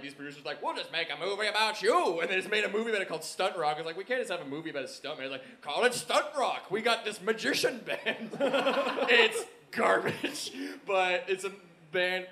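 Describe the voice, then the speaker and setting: A man's voice: sits high, a little fast, pushed and bright. A man in his thirties from Canada, rambling through comic stories in casual chat and laughing often. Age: 30s. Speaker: podcast co-host.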